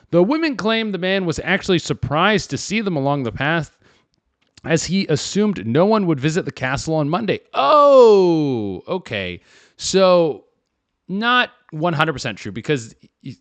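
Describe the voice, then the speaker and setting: A young man hosting a comedy podcast, riffing casually and acting out characters in quick put-on voices. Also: fairly high pitch, no room sound. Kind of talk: casual comic commentary.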